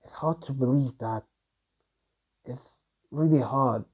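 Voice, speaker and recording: Young man, improvised fan-story narration, rambling with constant filler words, mid-pitch, muffled lo-fi audio. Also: takes it slowly, slightly rough. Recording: dull lo-fi recording.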